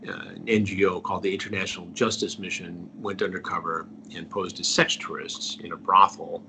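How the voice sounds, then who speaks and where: A man's voice: sits low, flat delivery, normal speed, noisy background. A middle-aged man, a journalist being interviewed, telling a story earnestly and trailing off to a near-whisper at the ends of phrases. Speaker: investigative journalist, guest.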